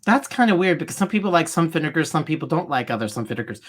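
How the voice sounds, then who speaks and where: A man's voice: fairly high pitch, big pitch swings, rapid-fire, fairly bright tone. A man co-hosting a casual livestream chat, emphatic and dramatic about foods he dislikes. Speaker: co-host.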